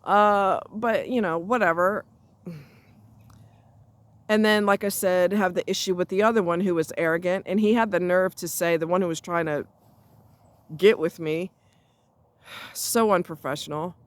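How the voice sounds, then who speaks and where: A woman's voice: lowish voice, fairly even intonation, a little slow, pauses often, dry recording. Woman, vlogger. Blunt, chatty storyteller recorded outdoors on a phone. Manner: blunt, salty and chatty, with frequent asides. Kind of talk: casual storytelling chat. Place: outdoors near a road, walking a dog.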